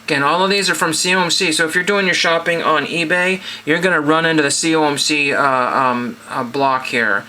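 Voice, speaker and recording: Bright-voiced rambling man. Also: fairly high pitch, a little fast, hardly any pauses, slight background noise. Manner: rambling, musing aloud with many fillers. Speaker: card collecting channel host. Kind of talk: casual screen-share vlog.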